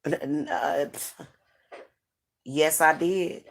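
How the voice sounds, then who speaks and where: A woman's voice: sits low, steady tone, takes it slowly. A middle-aged woman, talking frankly and casually to her viewers, with many restarts and fillers. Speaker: spiritual advisor and channel host.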